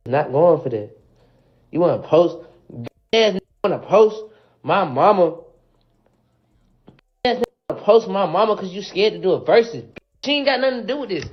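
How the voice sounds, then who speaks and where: A man's voice: high voice, muffled recording. A man in a heated livestream rant, talking in an angry, repetitive and emphatic way.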